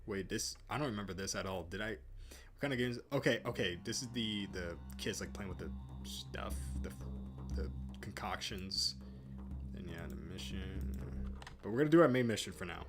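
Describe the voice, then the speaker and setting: A man's voice: sits low, normal speed, over music. A man casually commenting on a game he is playing for the first time, rambling with many fillers and restarts. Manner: rambling, full of ums, likes and restarts. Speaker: let's play host.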